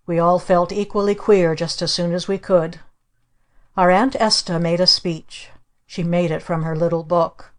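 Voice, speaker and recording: A woman narrating an audiobook of children's stories in an even, dry storytelling manner. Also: on the low side, moderate pace. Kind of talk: scripted narration.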